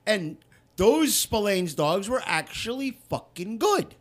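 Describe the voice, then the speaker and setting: A man's voice: sits high, sing-song, takes it slowly. A man co-hosting a podcast in casual chat, blunt and argumentative, swearing heavily. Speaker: podcast co-host.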